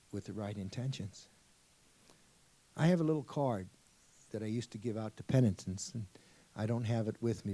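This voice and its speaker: A priest giving a storytelling sermon to teenagers, asking them questions along the way. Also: male voice, mid-range voice, mellow. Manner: storytelling, asks the audience questions.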